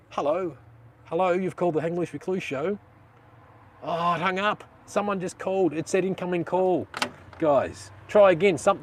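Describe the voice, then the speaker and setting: A man's voice: a little high, a little hiss or hum. A man with an Australian accent hosting a casual live stream, chatting and rambling in slang.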